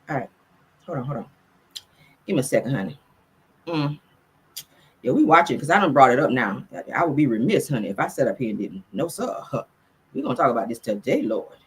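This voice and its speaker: A woman doing casual celebrity gossip commentary, loud, sassy and profane. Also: deep voice, breathy edge.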